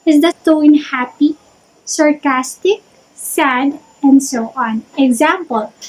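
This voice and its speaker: Slow, high-voiced woman teaching a lesson. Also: darkish tone, poor audio. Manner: methodical, explains step by step with examples. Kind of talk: online lecture.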